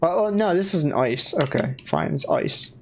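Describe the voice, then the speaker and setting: A woman's voice: deep voice, animated, normal speed, slight background noise. A young woman co-hosting a let's-play, chatting casually and thinking aloud while playing. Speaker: co-host, player.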